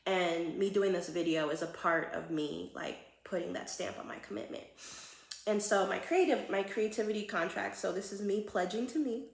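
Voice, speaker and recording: An earnest woman speaking heartfelt, personal reflections in a reflective vlog. Her mid-pitched voice has a gravelly, creaky edge. The sound rings around an echoey room. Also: normal speed. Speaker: vlogger.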